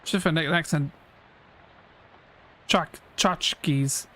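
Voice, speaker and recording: A man's voice: fairly high pitch, fairly even intonation, extremely slow, sharp tone. A man streaming a comedy role-playing game, reading its dialogue and narration aloud in a mock-solemn, old-fashioned manner. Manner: archaic mock-solemn delivery for game characters. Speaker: gaming streamer.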